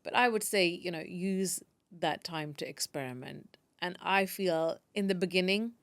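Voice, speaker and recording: A woman's voice: fairly low pitch, moderate pace, no echo. A woman who is a podcaster and teacher, talking as a guest in a casual interview. She speaks emphatically, repeats phrases and often restarts her sentences.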